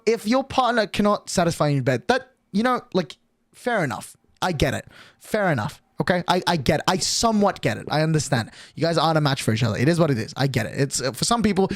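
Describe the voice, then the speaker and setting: A man's voice: a little high, no echo, clean studio sound. A young man streamer telling a story in a casual, exasperated rant, swearing and restarting often. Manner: exasperated, profane, rambling with many restarts.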